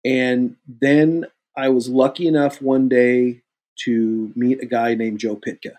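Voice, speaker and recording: Husky man telling animated stories. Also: slow pace. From Kansas City, USA. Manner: animated storyteller who acts out both sides of dialogues, jumping high in pitch. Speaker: guest actor. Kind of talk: casual interview storytelling.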